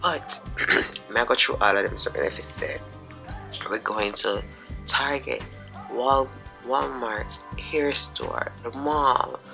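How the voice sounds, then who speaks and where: Raspy hoarse Jamaican woman vlogging. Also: very deep voice, slow pace, bright, forceful tone, soft background music, low-quality recording. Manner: chatty, talks to herself in asides. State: hoarse, sick with sore throat. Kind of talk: casual vlog chat to camera. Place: home office indoors.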